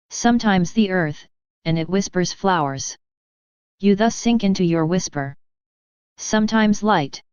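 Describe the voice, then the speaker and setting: A woman voicing Jesus in a devotional reading, speaking in a slow, solemn, measured way. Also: lowish voice, a little mellow, clear, resonant tone, no room sound, natural voice. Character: Jesus speaking tenderly to a soul, male. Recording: dull, dry, lo-fi audio.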